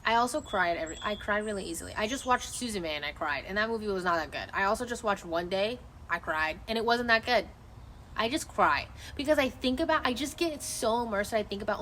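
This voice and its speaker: A woman's voice: medium pitch, fast, bright, forceful tone, slight background noise. A woman streamer in casual chat outdoors at night, rambling and emotive and swearing freely as she talks into her phone. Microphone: phone camera.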